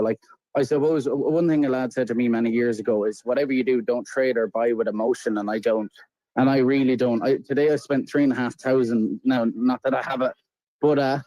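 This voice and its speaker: A man's voice: mid-range voice, mellow, no echo, low-quality recording. A man from Ireland with an Irish accent, calling into a live stream and chatting casually, rambling with lots of restarts and easy laughs. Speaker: guest caller. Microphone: remote call connection.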